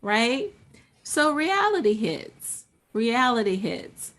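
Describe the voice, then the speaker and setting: A woman's voice: a little high, slow. A woman hosting a motivational business podcast, telling stories and acting out little inner voices as she goes. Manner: animated storytelling, acts out inner voices. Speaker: podcast host.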